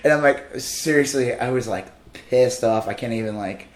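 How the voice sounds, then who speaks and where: A man's voice: medium pitch, moderate pace. Rambling New man in echoey room. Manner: rambling, self-deprecating, swears when worked up. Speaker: podcast co-host, artist. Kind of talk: casual chat, storytelling.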